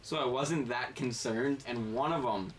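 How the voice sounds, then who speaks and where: Man, mid-pitch voice, casual rambling story, swears a lot, breaks off mid-sentence, off-mic, light background noise. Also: a little slow, recorded from a distance. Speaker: game podcast co-host.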